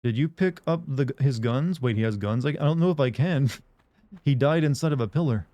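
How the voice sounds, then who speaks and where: A man's voice: medium pitch, fairly quick, warm tone, dry recording, lo-fi sound. Man, game streamer, casual rambling chat, jokey, dry room sound. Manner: rambling, joking, laughing often. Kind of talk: casual chat while playing.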